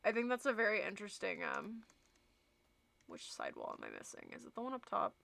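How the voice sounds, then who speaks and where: A woman's voice: mid-range voice, wildly swooping pitch, brisk, creaky, sharp tone. A young woman streaming and chatting casually with her viewers, reading chat aloud and laughing easily.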